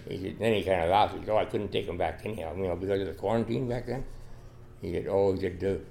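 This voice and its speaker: Older guy, low gravelly voice, rambling folksy podcast story, lots of restarts. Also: quick pace, warm tone. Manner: rambling, folksy, many restarts and "you know"s. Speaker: podcast guest, dog trialer. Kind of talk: casual storytelling interview.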